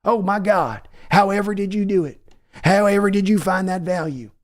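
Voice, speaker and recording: A man's voice: high voice, normal speed, voice pushed up, natural voice. A man putting on the voice of a brash, cocky older Texan team owner who scolds his son. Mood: scolding, mocking. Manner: blustering, scolding, drawling.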